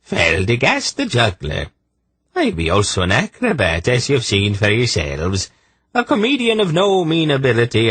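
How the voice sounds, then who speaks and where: A man's voice: on the low side, a bit bright, breathy edge, dry recording, heavily acted. A man voicing a short, gaudy male juggler who boasts in a flowery, theatrical way with a lilting brogue.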